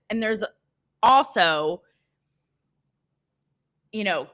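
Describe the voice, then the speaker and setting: A young woman hosting a casual opinion show, chatty and sarcastic, with many fillers and quick asides. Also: on the high side, fairly bright tone. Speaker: show host.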